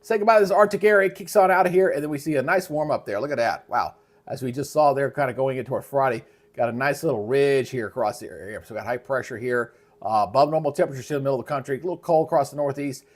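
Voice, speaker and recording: Talking fast in a mid-range voice, a male meteorologist runs a live weather briefing in a relaxed, conversational style, repeatedly clearing his throat because of a frog in it.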